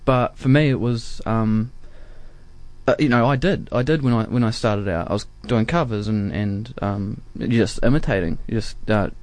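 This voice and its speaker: A young New Zealand man, a musician being interviewed, talking in a halting, hesitant way full of fillers and restarts. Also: on the low side, a little mellow, no room sound. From Dunedin, New Zealand. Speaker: musician guest. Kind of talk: casual interview chat.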